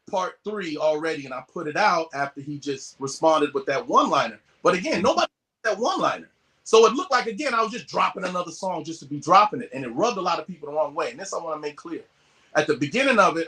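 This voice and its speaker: A man from the West Coast telling stories as a podcast guest, animated and swearing, acting out the voices he quotes. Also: fairly high pitch, quick pace. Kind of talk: casual storytelling.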